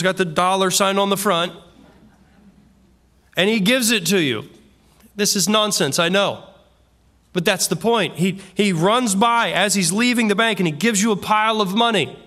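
Man, pastor, sermon, earnest, conversational, slightly high voice. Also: pushed and bright. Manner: earnest, conversational preaching with vivid acted-out examples. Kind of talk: expository sermon.

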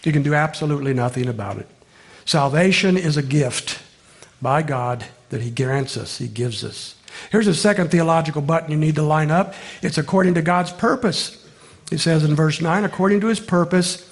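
A male pastor preaching a sermon, emphatic, repeating key phrases, asking rhetorical questions and slowing down to stress his points. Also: a little high.

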